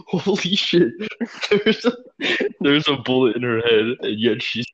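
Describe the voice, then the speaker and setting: A man's voice: medium pitch, animated, a little slow, a bit bright, muffled recording. A man co-hosting a podcast in casual chat, laughing often as he retells a comedy bit and acts out the quotes. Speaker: podcast co-host.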